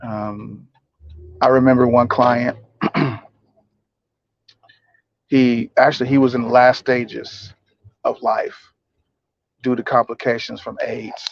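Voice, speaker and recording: Soft-spoken halting man, low pace. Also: level tone, gravelly, muffled recording. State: tearful at times. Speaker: advocate sharing personal memories. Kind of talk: personal reflective talk. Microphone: personal mic.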